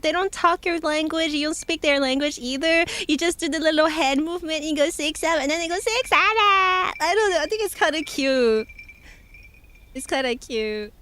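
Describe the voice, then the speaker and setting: A woman's voice: sits high, fairly bright tone, slight background noise. A young woman streamer chatting casually with her viewers, rambling with lots of fillers and frequent giggles. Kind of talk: casual chat with chat.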